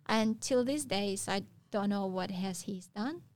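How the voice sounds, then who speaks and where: There's no room sound as this Russian woman, a guest, tells a story in a casual interview. Her mid-range voice is a little mellow, and her non-native phrasing comes haltingly with many pauses.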